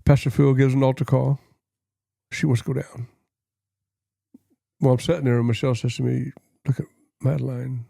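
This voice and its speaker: An older man with a gravelly, dark voice tells his life story in an earnest, plain-spoken way, now and then putting on the voices of people he quotes. The sound is dry and close, with no room echo. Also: mid-range voice, flat delivery, moderate pace, pauses often. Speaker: guest.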